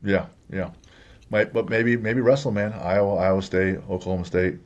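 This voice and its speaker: A man's voice: lowish voice, steady tone, moderate pace. A man hosting a casual interview podcast, asking teasing, joking questions. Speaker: podcast host. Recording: slightly dull, lo-fi audio.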